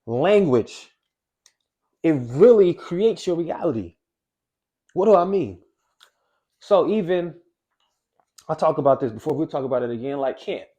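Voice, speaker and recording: A man giving a casual, motivational talk to camera as a weight-loss coach, repeating key phrases and slowing down to stress single words. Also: on the high side, expressive, warm tone, muffled recording.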